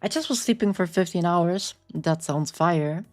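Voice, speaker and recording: A woman streamer with a slight German accent chats casually with her viewers from home. Her voice sits a little low for a woman. She rambles playfully and breaks into quick squeals as she reads chat, with faint music underneath. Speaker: VTuber streamer. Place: home apartment.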